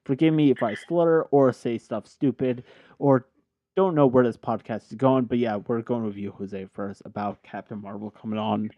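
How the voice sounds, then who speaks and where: A man's voice: medium pitch, normal speed, no room sound. A tipsy man hosting a casual podcast chat, rambling and correcting himself as he goes. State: tipsy from drinking. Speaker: podcast host. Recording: dull lo-fi sound.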